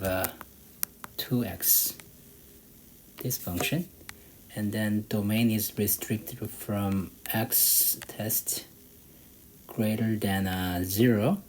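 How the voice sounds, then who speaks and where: Slow, halting man tutoring math. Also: on the low side, a little mellow, poor audio. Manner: halting, many fillers, thinks aloud while using a calculator. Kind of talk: walking through an exam problem. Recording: faint background noise.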